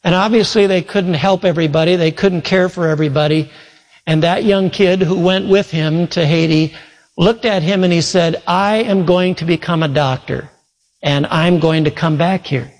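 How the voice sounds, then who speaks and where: A preacher tells a story in earnest during his sermon, weaving in quoted dialogue. His voice is pitched a bit higher than typical for a man, and it echoes with the long reverb of a large hall.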